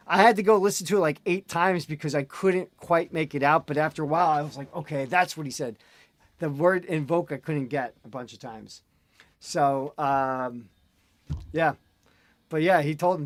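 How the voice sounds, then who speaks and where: A man in casual chat, telling an animated, ranting story as host. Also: fairly high pitch, brisk, no echo.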